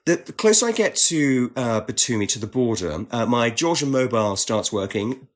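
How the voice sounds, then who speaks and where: A British man tells a story with real animation, his pitch rising and falling all the time. He quotes people in changed voices as he goes, and the talk flows like easy conversation with a host. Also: moderate pace. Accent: British English. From Britain. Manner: lively, puts on voices when quoting people. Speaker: guest.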